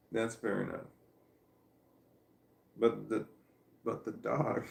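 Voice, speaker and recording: In a rambling self-talk vlog, a tired man at home on the couch with his dog argues with himself, laughing and sighing. His fairly low, gravelly voice is flat, slow, and a little mellow, with long pauses in an echoey room.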